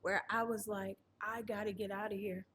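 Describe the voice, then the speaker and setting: A woman's voice: medium pitch, little pitch movement, normal speed, a bit bright, slight background noise. A woman telling her survival story in an interview, narrating earnestly and acting out what others said. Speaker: guest sharing a survival testimony. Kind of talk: personal testimony interview.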